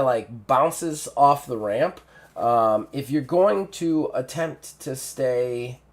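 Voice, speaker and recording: A man running a tabletop game as game master, narrating loosely with many fillers and restarts. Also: mid-range voice. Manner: loose, rambling narration with many fillers and quick character voices.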